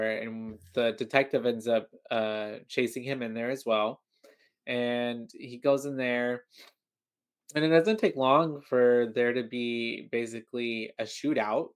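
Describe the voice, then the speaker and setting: A man with a mid-range voice co-hosts a podcast in relaxed, joking chat. He often trails off and restarts mid-thought as he walks through the film. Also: medium pitch, clear, resonant tone. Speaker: podcast co-host. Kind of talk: casual movie recap chat.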